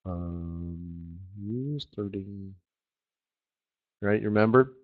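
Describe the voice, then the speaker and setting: A man hosting a live trading webinar, walking viewers through charts in an excitable, slangy, chatty way. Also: mid-range voice, unhurried. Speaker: forex trading webinar host. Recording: slightly dull lo-fi audio.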